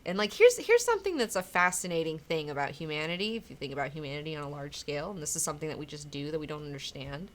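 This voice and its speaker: Female comic book host, somewhat low voice, rambling casual chat, frank and profane. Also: animated, fast, hardly any pauses. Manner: rambling and candid, swears freely, acts out characters' lines.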